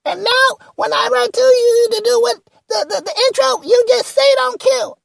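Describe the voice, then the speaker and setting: A very high, squeaky radio producer, played by a performer, with a harsh gravelly edge. The voice is fussy and bossy, recorded dry and close. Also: normal speed, dry recording, exaggerated voice. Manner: fussy, instructing.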